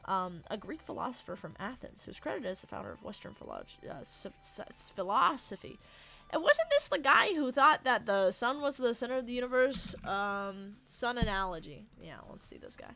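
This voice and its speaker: A woman livestreamer chatting casually with her viewers late at night, rambling and easily distracted, with sudden loud bursts of excitement. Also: on the high side, moderate pace, gravelly. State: tired from the late hour.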